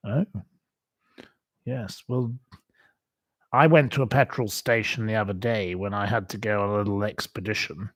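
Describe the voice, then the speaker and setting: A man's voice: on the low side, normal speed, long pauses, a bit bright, no room sound. A man hosting a casual livestream, rambling and chatty with many ums and asides. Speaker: host.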